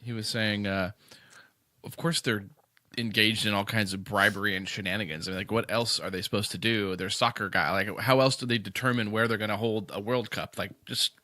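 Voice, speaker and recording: A man's voice: lowish voice, fairly even intonation, fairly quick, bright, forceful tone, no echo, clean studio sound. A middle-aged man co-hosting a podcast, chatting casually in a joking, irreverent way with frequent laughs. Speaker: podcast co-host.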